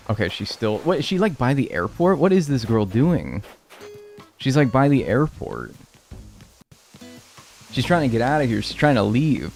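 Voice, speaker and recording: A man's voice: medium pitch, sing-song, normal speed, a little mellow, faint music behind. A man streaming gameplay live, chatting casually with his viewers, joking and swearing freely. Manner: talks to chat and thanks subscribers. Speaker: game streamer.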